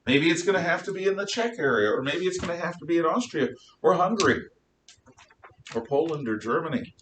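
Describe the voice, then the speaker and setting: A man giving a history lecture to a class, emphatic and animated, firing off rhetorical questions. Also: fairly quick. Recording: roomy, distant mic with faint rumble.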